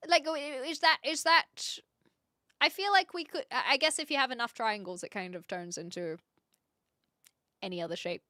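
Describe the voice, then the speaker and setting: A woman's voice: high-pitched, moderate pace, long pauses, bright, forceful tone, no echo, clean studio sound. A woman from New Zealand with a rounded New Zealand accent, chatting casually on a live stream as she reacts to videos, curious and laughing often, with casual swearing.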